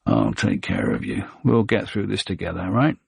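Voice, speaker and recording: A shaken man hushing his frightened dog in an audiobook, read by a male narrator. He speaks softly and reassuringly in a low, husky voice. The sound is dry and close. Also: big pitch swings, normal speed, no room sound, full character voice. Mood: soothing. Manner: soft, gentle and reassuring. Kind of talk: audiobook character voice.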